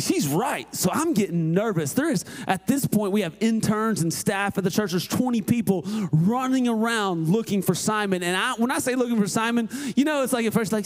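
A man, preaching a sermon through a personal story, dropping to quiet asides and rising to shouted emphasis. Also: high voice. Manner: animated, swings from hushed asides to shouted emphasis. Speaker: pastor.

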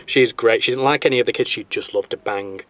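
A man's voice: medium pitch, quick pace, a bit bright. Rambling man telling history. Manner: rambling storytelling with many fillers and restarts. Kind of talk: casual chat. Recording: dull lo-fi sound.

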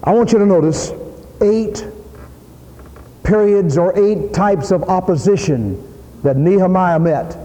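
A man preaching a sermon in a church, emphatic, repeating his points and rising to loud peaks. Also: high voice, a little slow, long pauses. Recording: long reverb of a hall.

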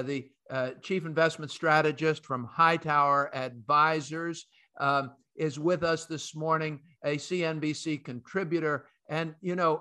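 A man hosts a financial radio talk show with a bright, forward voice pitched a little high. He chats jovially, warmly loose, stumbling over restarts and fillers as he introduces guests. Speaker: host and chief market strategist.

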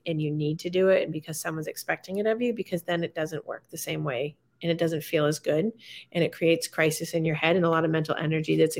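A woman's voice: deep voice, creaky. A woman hosting a live show, talking in a chatty, rambling way with many fillers and restarts. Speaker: show host. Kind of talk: casual chat on a live show.

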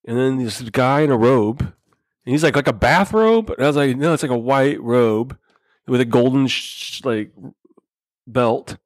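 A man's voice: mid-range voice, measured pace, no echo, clean studio sound. A man casually telling crude stories on a podcast, acting out the dialogue as a father. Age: adult father. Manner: crude, animated storyteller who acts out dialogue. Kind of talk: casual storytelling chat.

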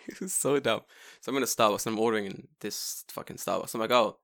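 A man's voice: on the low side, brisk, gravelly, fairly bright tone. Male podcast host with a London accent, casual and foul-mouthed, laughs at his own anecdotes. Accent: London English. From London, England. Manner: swears often, laughs at his own stories. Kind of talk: casual chat.

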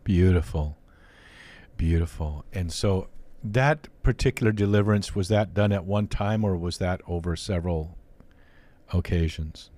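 A man's voice: sits low, measured pace, darkish tone. A man hosting a faith interview show, talking earnestly and often restarting his sentences. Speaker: podcast host.

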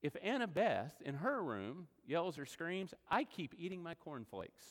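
Animated preacher in a reverberant hall. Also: male voice, fairly high pitch, unhurried. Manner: animated storytelling, acts out quoted voices. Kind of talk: sermon. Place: church sanctuary.

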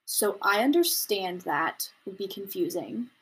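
Animated yet a little slow, a young adult woman with a husky, slightly bright voice hosts her casual at-home commentary podcast. Her talk is chatty and rambling, punctuated by mocking high-pitched impressions.

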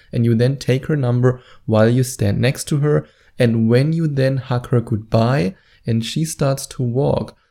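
Gravelly man coaching with confidence. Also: medium pitch, warm tone. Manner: confident and instructive, drawing out words for emphasis. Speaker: dating coach. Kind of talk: direct-to-camera advice monologue.

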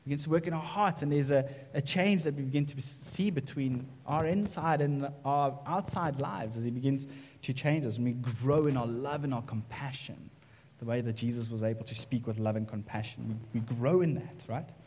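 A man's voice: mid-range voice, normal speed, a little mellow, a little hiss or hum. A man preaching a sermon in a conversational way, often checking in with "right?". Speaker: pastor. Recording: long reverb of a hall.

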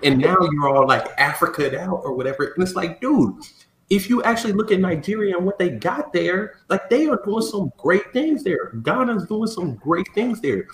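A man's voice: high voice, big pitch swings, moderate pace. Argumentative man in a roomy space. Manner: argumentative, rhetorical questions. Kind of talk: casual chat. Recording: roomy sound with faint background ambience.

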